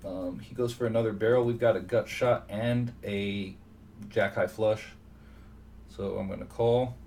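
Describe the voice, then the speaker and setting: A man with a low, gravelly voice thinks aloud as he talks through his own online poker session at the computer. He mutters half to himself, a little way off the mic. Steady background noise and keyboard clicks sit under him. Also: a little slow, far from the mic.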